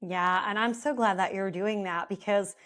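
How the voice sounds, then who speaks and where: A woman's voice: medium pitch, fairly even intonation, moderate pace, a bit bright. A woman hosting a podcast interview, responding reflectively and affirming her guest. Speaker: podcast host. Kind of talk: conversational interview.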